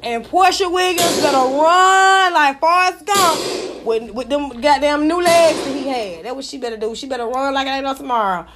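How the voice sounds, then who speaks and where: A woman. Her talk is brash, profane and animated, casual and loose. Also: sits high, moderate pace, music in the background. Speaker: gossip show host. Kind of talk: casual celebrity gossip talk.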